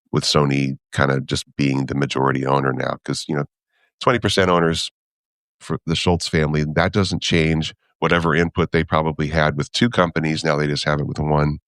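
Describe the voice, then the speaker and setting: Deep-voiced man chatting casually. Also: a bit bright, dry recording, clean studio sound. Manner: easygoing, laughs often, thinks aloud. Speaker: podcast co-host. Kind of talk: casual chat about comic strips.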